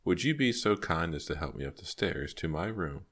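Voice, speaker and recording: A man reading aloud voices a frail, sly old woman with a slow, sweetly sharp drawl. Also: sits low, expressive, exaggerated voice. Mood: sly, tart. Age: older.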